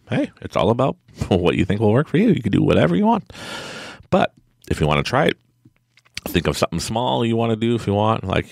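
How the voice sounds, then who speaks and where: Low, gravelly man hosting a podcast. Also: no room sound, clean studio sound. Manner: animated, chatty, laughs often. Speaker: podcast host. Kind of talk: casual motivational monologue.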